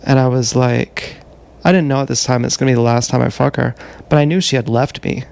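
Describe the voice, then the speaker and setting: A man livestreams a rambling confessional story in a gravelly, creaky voice at an ordinary pitch. He talks bluntly and profanely, stalling often on fillers. He is recorded on an action camera. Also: steady tone, brisk, darkish tone.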